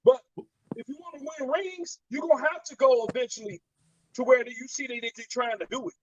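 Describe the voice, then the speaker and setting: A man hosting a casual, profane sports chat, mocking players with quick impressions and laughing a lot. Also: very high voice, darkish tone, lo-fi sound, slight background noise. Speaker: podcast host.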